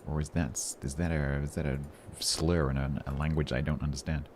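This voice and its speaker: A man's voice: rumbling low, little pitch movement, fairly quick, a little mellow, slight background noise. A man streaming a game, chatting casually with his chat and reading update notes aloud, breaking off to joke and answer questions.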